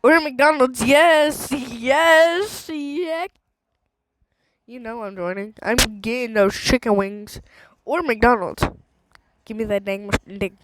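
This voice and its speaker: Giggly high-voiced woman gaming. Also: takes it slowly, a little hiss or hum, poor audio. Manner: giggly, excitable, laughs a lot. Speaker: gaming streamer. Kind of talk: casual gameplay chatter. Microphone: handheld microphone.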